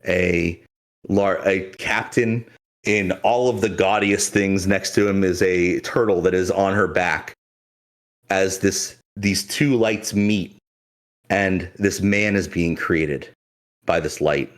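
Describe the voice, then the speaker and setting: A man's voice: sits low, fairly even intonation, takes it slowly. A man narrating a tabletop game as game master, in dramatic, descriptive fashion with some fillers.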